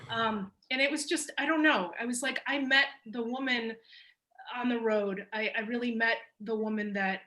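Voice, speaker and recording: Animated woman filmmaker telling her story. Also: a little high, normal speed, low-quality recording. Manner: animated, laughing through an emotional story. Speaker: documentary filmmaker on a panel. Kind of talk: panel discussion storytelling.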